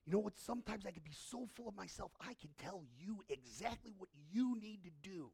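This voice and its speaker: A middle-aged male pastor preaching a sermon in a conversational way, asking the congregation questions and swinging from hushed to impassioned. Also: high voice, expressive, fairly quick, creaky, slightly rough. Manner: conversational, asks the audience questions.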